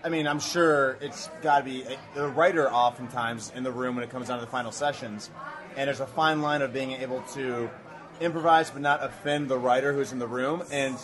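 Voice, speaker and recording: Measured, mid-pitched man chatting. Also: steady tone, crowd noise. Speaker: guest, brother of the actor. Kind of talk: casual interview chat.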